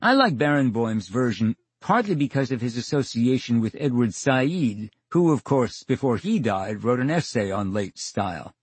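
A man's voice: mid-range voice, lively intonation, moderate pace, few pauses, breathy edge, dry recording. An older man telling stories as a guest in a radio interview, acting out the dialogue with dry wit. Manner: theatrical storyteller, acts out dialogue, wry. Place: radio studio.

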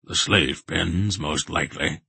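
A man voicing a cautious, gruff old man who leads the group, speaking low, terse and matter-of-fact. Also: unhurried, bright, forceful tone, no room sound, heavily acted. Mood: quiet, grave.

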